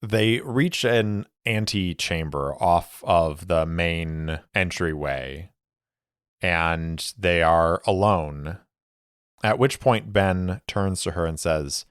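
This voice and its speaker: A man hosting his own podcast, narrating a solo tabletop game in a measured, deliberate way. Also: deep voice, a bit bright, smooth, no room sound, clean studio sound.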